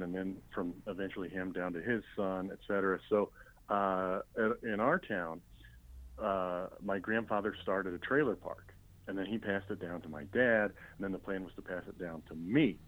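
A man with a lowish voice tells comic family stories as an interview guest, dry and deadpan, full of "uh" and "you know." The sound is dull and slightly lo-fi. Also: normal speed. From Illinois. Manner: deadpan storyteller with many fillers and restarts. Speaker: comedian guest. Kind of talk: telling comic anecdotes in an interview.

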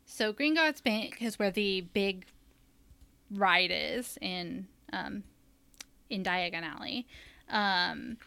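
A woman's voice: mid-range voice, lively intonation, slow, creaky, pauses often, sharp tone, clean tone, no room sound. Chatty woman, dry close sound. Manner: rambling, many fillers. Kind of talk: casual chat.

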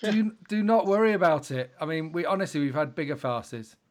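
A man's voice: a little high, animated, brisk. A man hosting a casual podcast chat at a computer, joking and self-mocking as he mutters his way through a call setup. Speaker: podcast host. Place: indoors at a computer, recording a call.

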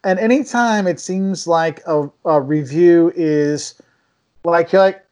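Young male podcast guest with a higher voice, lively and chatty, jumps into voices for quotes. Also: slow. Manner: animated storyteller, acts out quotes with big pitch jumps. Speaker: travel video maker, podcast guest. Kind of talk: casual chat.

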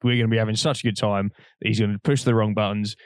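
A man's voice: lowish voice, flat delivery, racing, clear, resonant tone, dry recording. Young man, casual podcast chat, rambling and laughing, dry sound. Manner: rambling anecdote-telling, laughing often, swearing. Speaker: podcast co-host.

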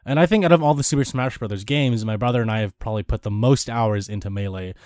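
A man's voice: lowish voice, fast, darkish tone, dry recording, clean studio sound. A young man on a podcast, chatting casually about games and rambling with restarts and fillers. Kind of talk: casual gaming chat.

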